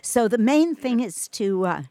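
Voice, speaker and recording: Lady radio host, slow easygoing chatter, lots of ums and laughs, dry studio sound. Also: a little high, animated, warm tone, no echo. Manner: chatty, laughs often, many fillers. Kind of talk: casual radio chat.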